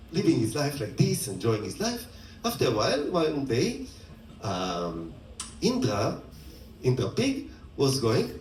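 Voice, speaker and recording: Animated, playful male storyteller. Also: medium pitch, a little hiss or hum. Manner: animated, playful, laughing asides. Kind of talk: retelling a myth to an audience. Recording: roomy, distant mic, faint ambience.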